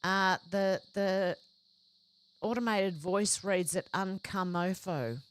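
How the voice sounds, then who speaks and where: A woman's voice: medium pitch, slow, clear, resonant tone. A woman hosting a livestream, reading out viewers' chat comments one after another and adding short conversational reactions of her own. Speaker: livestream host.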